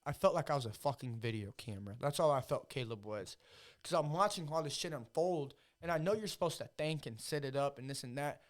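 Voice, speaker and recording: A man, a fighter guest on a podcast, telling emotional stories in casual, heavily profane chat. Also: on the high side.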